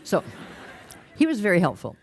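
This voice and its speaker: A woman from Los Angeles, a workshop leader, telling an anecdote from her groups in a lively way and mimicking the people she quotes. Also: fairly low pitch, normal speed, slightly rough. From Los Angeles, United States. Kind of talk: anecdotal storytelling talk.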